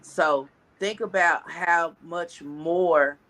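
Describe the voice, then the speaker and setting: A man co-hosting a casual commentary chat, talking reflectively and haltingly with many pauses. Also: a little high, steady tone, pushed and bright. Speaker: co-host.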